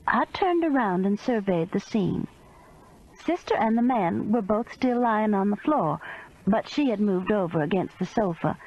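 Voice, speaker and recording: A woman narrating a first-person mystery audiobook in an expressive, measured storytelling manner. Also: mid-range voice, dull audio.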